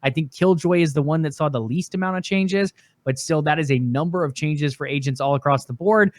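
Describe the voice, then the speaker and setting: Male podcast co-host, slightly high voice, easygoing news rundown, dry close mic. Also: brisk, no echo. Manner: relaxed, conversational, with fillers.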